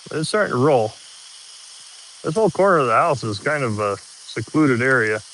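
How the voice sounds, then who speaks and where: A man, chatting casually outdoors while hosting a live stream, easygoing and relaxed. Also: medium pitch, normal speed, a little hiss or hum, poor audio. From Iowa, US. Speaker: livestream host. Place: outdoors at a rural property.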